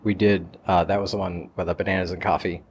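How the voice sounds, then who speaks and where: A man hosting a coffee podcast who steers the chat along in a relaxed way. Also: sits low, fast, husky. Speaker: podcast host.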